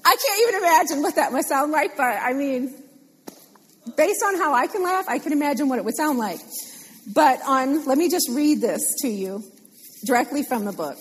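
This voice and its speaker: A woman preaching a sermon in a lively, animated way, repeating phrases for emphasis. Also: high-pitched, moderate pace. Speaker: pastor. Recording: long hall reverb.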